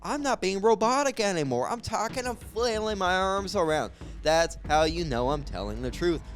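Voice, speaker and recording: A man's voice: sits high, animated, normal speed, soft background music. A young man improvising a stand-up story, jumping between voices for each character. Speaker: stand-up comedian.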